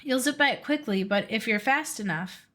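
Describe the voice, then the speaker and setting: A woman reading a storybook aloud, voicing a young goblin sister in a raised, quick, urgent voice. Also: a little high, expressive, bright, forceful tone.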